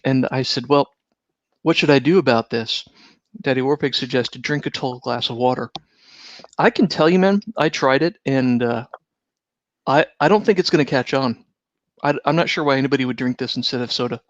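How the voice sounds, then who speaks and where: Wry, slightly hoarse male podcast host. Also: medium pitch, moderate pace, no echo, lo-fi sound. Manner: wry, sarcastic. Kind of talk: casual chat.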